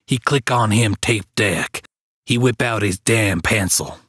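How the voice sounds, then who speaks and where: A man's voice: fairly low pitch, a little slow, a bit bright, slightly rough, no echo. A man narrating a first-person story in clipped, broken backwoods grammar, recorded close on a dry mic. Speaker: author and reader.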